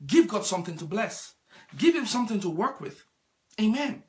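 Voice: medium pitch, big pitch swings, moderate pace. A preacher delivering a sermon, repeating key phrases and asking the congregation rhetorical questions.

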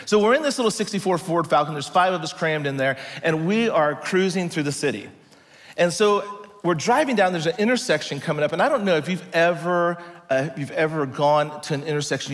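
A man from the United States preaching a sermon as pastor, telling a story and acting out the dialogue. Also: a little high. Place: church hall. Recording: reverberant church hall.

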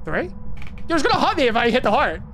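A man's voice: extremely high pitch, faint music behind. A man chatting casually and teasing his friend while they play a co-op horror game together. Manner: teasing, quick and animated. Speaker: gaming streamer.

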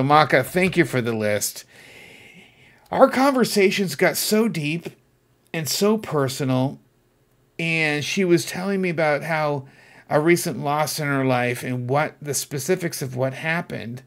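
A man hosting his own podcast, telling a personal story in an earnest, reflective way that turns animated when he gets excited. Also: fairly high pitch, unhurried, gravelly. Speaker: podcast host. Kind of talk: casual storytelling monologue.

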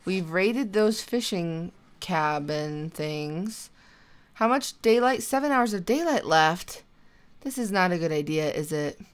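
A young woman giving casual let's-play commentary, thinking out loud as she plays and chatting to her character. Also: fairly low pitch, animated, slow, clear, resonant tone. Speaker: gaming channel host.

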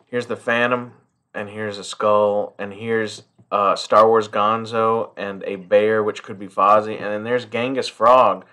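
A man's voice: lowish voice, level tone, measured pace, bright, forceful tone. A middle-aged man chatting casually and profanely as he unboxes a toy collector's gift, rambling and heartfelt.

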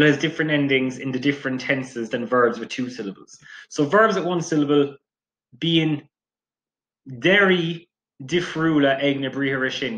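A young man teaching a language lesson to camera, often checking in with a quick "okay?". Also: medium pitch, a bit bright.

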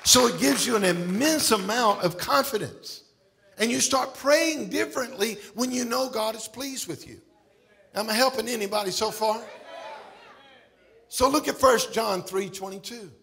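A middle-aged male pastor preaching a sermon in a church, emphatic with shouts and exclamations. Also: sits high, measured pace, vocal fry. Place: church sanctuary.

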